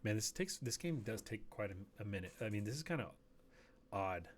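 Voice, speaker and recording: A man's voice: fairly low pitch, lively intonation, moderate pace, slight background noise. A man streaming a hunting game, rambling casually and dropping to a near whisper while sneaking up on animals. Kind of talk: casual gameplay commentary.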